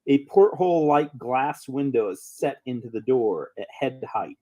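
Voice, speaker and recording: A man running a tabletop game as game master, talking in a relaxed, hesitant way full of ums. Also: mid-range voice, a little slow, dull audio.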